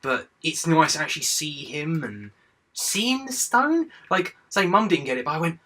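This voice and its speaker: Man, young adult, husky voice, bright tense tone, casual swearing podcast chat. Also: on the high side, fairly quick. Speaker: podcast co-host.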